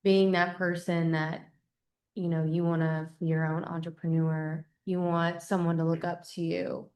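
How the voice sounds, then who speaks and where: A woman's voice: lowish voice, level tone, measured pace, a little mellow. A woman co-hosting, answering in a supportive, casual way with short agreeing replies. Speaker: co-host. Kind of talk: casual chat.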